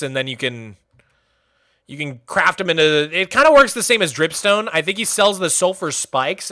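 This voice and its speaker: A man's voice: a little high, sharp tone. A man chatting casually on a livestream, chatty and enthusiastic, rambling as he goes. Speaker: streamer.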